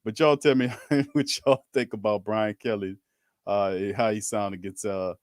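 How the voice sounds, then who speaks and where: A man's voice: on the low side, fairly even intonation, moderate pace, darkish tone, no room sound, clean studio sound. A man hosting a casual sports talk stream, laid-back, slangy and chuckling. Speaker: podcast host.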